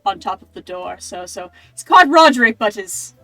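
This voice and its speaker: A woman's voice: mid-range voice, expressive, normal speed, sharp tone, no echo, faint music behind. A woman narrating a tabletop game as game master, rambling with many fillers.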